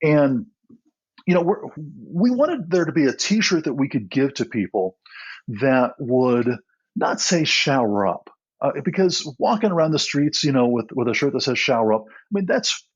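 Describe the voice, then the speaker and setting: Middle-aged male guest, husky, earnest storyteller who restarts often, dull lo-fi sound. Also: a little high, animated, normal speed. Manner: earnest, with frequent restarts and soft laughs. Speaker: guest, nonprofit co-founder. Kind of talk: storytelling in a podcast interview.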